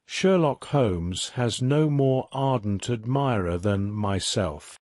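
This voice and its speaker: A suave, cunning gentleman-burglar, as a man reading the story puts him on, courteous and measured in every word. He speaks at a mid pitch and an unhurried pace, close and dry against the microphone. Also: animated, no echo.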